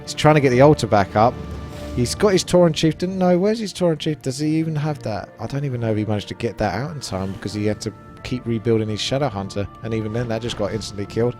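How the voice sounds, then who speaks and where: A man's voice: medium pitch, fast, few pauses, a little mellow, soft background music. A man casting a live strategy game match, chatty and analytical. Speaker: esports caster.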